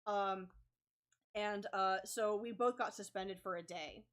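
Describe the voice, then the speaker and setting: Her voice is medium in pitch and fairly bright, and she speaks slowly. She's a young adult comic artist vlogger drawing while telling a meandering story, peppered with ums and likes.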